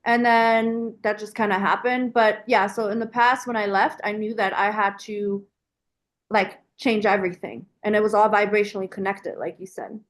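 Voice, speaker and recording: A woman's voice: mid-range voice, fairly even intonation, moderate pace. A woman guest on a podcast, talking casually and animatedly with lots of filler words. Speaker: podcast guest, business founder. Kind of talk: casual conversational interview.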